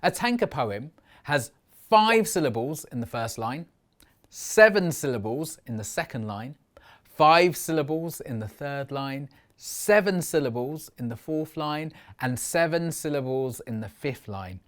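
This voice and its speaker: A middle-aged man teaches children to write poems, and his voice rises and falls with lots of life. He speaks slowly and carefully and draws words out when he counts syllables. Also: a little high. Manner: animated, expressive, slows to sound out syllables. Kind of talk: lively children's writing lesson.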